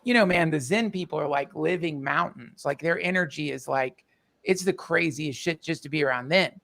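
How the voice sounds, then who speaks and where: Man, higher voice with gravel, tells a story haltingly with feeling. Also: fairly bright tone. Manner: emotional, halting, many fillers and restarts. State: tearful. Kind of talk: casual storytelling.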